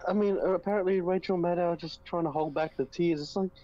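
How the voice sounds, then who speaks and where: A man's voice: high voice, fairly even intonation, a little fast. A man co-hosting a casual political chat show, laid-back and agreeable. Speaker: co-host. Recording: dull lo-fi mic.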